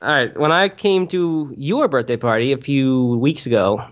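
A man's voice: medium pitch, normal speed. Chatty man, casual podcast co-host. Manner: chatty, laughing often, many restarts. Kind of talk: casual chat. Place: conference in Texas.

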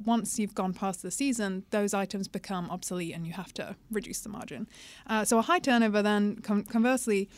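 A woman with a British accent, a podcast guest explaining a finance term clearly and briskly. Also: medium pitch, no echo. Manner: brisk, explanatory, good-humored. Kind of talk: casual podcast chat.

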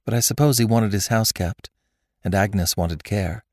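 A man's voice: on the low side, a little slow, a little mellow, no echo, clean studio sound, pitched above the performer's own voice, natural voice. A man voicing a blunt, upright spinster schoolteacher who speaks plainly and directly. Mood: matter-of-fact.

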